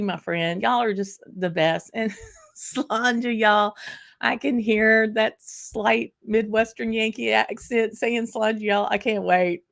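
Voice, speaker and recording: Chatty gravelly-voiced woman host. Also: fairly low pitch. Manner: excited, chatty, many fillers and laughs. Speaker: whisky channel host. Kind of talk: casual livestream chat, greeting viewers.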